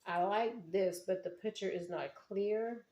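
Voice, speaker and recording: A woman's voice: mid-range voice, fairly even intonation, a little slow, warm tone, muffled recording. Chatty woman in an echoey room. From Charleston, South Carolina. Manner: chatty, talks straight to viewers. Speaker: cooking vlogger. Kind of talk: casual cooking vlog. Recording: echoey room with faint ambience.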